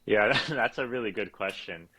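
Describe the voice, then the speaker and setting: A man speaks in a lowish voice with a sharp, bright edge. He is a referee guest in a relaxed interview, calm and reflective, often breaking into easy laughter. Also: moderate pace, low-quality recording. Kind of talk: casual interview chat.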